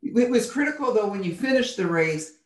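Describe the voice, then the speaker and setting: A woman's voice: mid-range voice, expressive, a little fast, distant mic. A woman co-hosting an interview, eagerly stumbling into her questions. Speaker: podcast co-host. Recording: roomy sound from off-mic.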